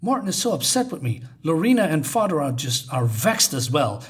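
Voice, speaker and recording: A man's voice: a little high, big pitch swings, a little fast. A man reading aloud the lines of an anxious young woman who is eager to please, in a pleading, apologetic way. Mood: dejected.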